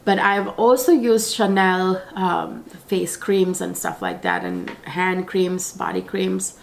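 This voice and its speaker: A middle-aged woman talks in a slow, unhurried way, her voice husky and hoarse from a cold. She chats casually to her viewers as a beauty vlogger, rambling along with plenty of fillers. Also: on the low side, animated. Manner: chatty and rambling, with frequent fillers. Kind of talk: casual chat to camera.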